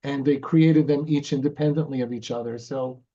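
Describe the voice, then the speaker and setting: A man with an American accent, speaking in a measured way with hesitant restarts in a webinar. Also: mid-range voice, fairly even intonation, mellow. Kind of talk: webinar discussion. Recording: dull lo-fi mic.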